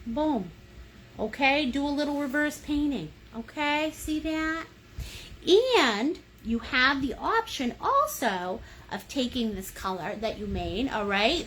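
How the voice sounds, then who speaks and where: A fairly high-voiced woman leads a livestream painting class in a chatty, playful way. Her pitch swoops and bounces as she encourages viewers. A faint fan hums in the background. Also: fairly bright tone, slight background noise. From United States. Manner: chatty, playful, encouraging, sings little sound effects. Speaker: painting instructor. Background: fan running.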